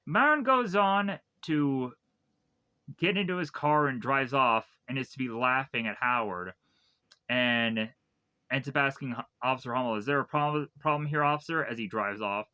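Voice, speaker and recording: Bright-voiced man rambling through a plot recap. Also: medium pitch, dull audio. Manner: rambling, many fillers and restarts. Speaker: film reviewer.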